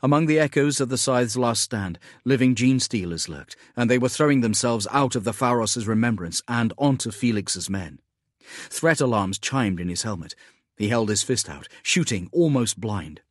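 A man reading a science-fiction audiobook in a measured, even storytelling manner, with a husky voice. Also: mid-range voice, no echo, studio quality. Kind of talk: scripted audiobook narration.

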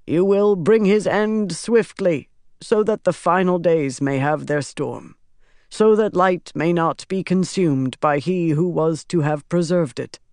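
Brief: solemn prophet-like man, slow deliberate delivery, dry close sound, voiced by an audiobook reader. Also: mid-range voice, darkish tone, dry recording, voice pushed up, lightly acted.

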